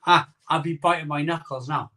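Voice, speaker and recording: Recorded on a phone camera in his home conservatory, a middle-aged man hosts a relaxed live stream, reading out viewer comments with sleepy humor. His voice sits on the high side and sounds sharp, with fairly even intonation and a fairly quick delivery.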